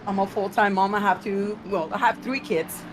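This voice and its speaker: A middle-aged woman with a Spanish accent, a native Spanish speaker, chatting as co-commentator in an animated, exclamatory way. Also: mid-range voice, normal speed, slight background noise, rough recording. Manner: animated, laughing, exclaims often. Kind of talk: casual chat on a race stream.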